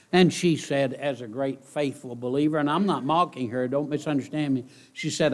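A man preaching a sermon to a congregation, repeating his key phrases and swinging between loud outbursts and hushed lines. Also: medium pitch, fairly even intonation, moderate pace, few pauses. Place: church service.

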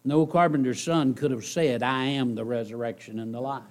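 A man preaching a sermon to a congregation, repeating his key phrases and swinging between loud outbursts and hushed lines. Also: medium pitch, fairly even intonation, normal speed. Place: church service.

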